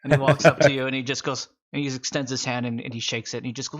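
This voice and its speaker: A man's voice: medium pitch, steady tone, fast talker, lo-fi sound. A man narrating a tabletop game as game master, describing scenes in a loose, rambling way.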